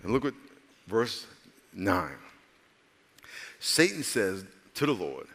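A man's voice: lowish voice, sing-song, takes it slowly, long pauses, a bit bright, long reverb tail. A male pastor preaching a sermon with humor, calling out to the congregation and voicing characters in his stories.

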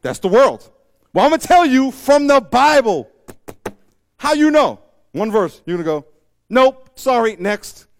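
Male pastor, high voice, dry close sound, emphatic sermon delivery with repeated lines. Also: big pitch swings, normal speed, long pauses, no room sound. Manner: emphatic, repeats phrases for effect; swings between loud preaching and quiet asides.

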